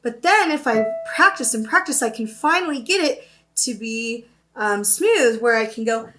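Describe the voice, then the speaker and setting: Young woman voice teacher, high voice, unhurried, encouraging, demonstrating scales over a piano. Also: animated, sharp tone. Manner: encouraging, checks in with "okay?" often. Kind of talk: online singing lesson with vocal demonstrations. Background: piano accompaniment.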